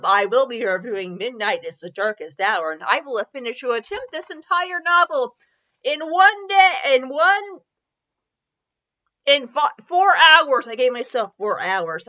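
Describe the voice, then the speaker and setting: A woman's voice: high-pitched, expressive, measured pace, pushed and bright, highs cut off. Giggly Midwestern woman reading fanfiction aloud. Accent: Midwestern American. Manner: giggly and rambling, with frequent laughter. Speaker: fanfiction reviewer and host.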